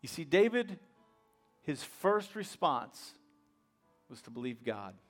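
A male pastor preaching a sermon, retelling a story dramatically and swinging from hushed lines to loud, emphatic ones. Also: a little high, sing-song, takes it slowly, faint music behind.

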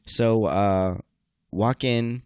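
A man hosting a casual chat, telling a crude, profane story with lively energy. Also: fairly low pitch, extremely slow, smooth, dry recording.

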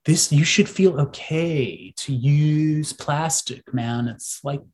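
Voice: medium pitch, slow pace, a little mellow, slight background noise, natural voice. Laid-back California surfer dude with a drawly Californian accent, put on by a podcast host. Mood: mellow.

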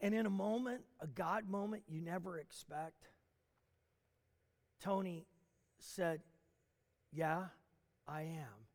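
A man telling a story in a sermon, animated, with frequent restarts and fillers. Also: sits high, slow pace, long pauses. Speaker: preacher. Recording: long hall reverb.

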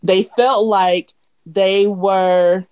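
A woman in a casual TV recap chat who talks things through in a measured, explanatory way. She backs up her points with personal experience. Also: mid-range voice, steady tone, darkish tone, smooth. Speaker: podcast co-host.

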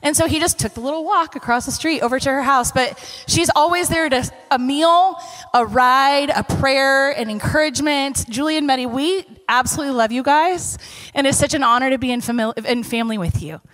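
High-voiced woman giving rambling thanks. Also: brisk. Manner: warm, giggly, rambling. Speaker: church member giving thanks. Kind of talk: casual heartfelt speech. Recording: long hall reverb.

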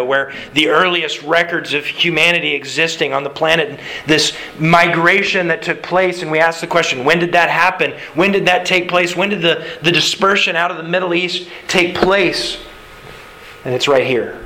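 A man preaching a sermon in a conversational, animated way, acting out quoted lines. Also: fairly high pitch, poor audio. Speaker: pastor.

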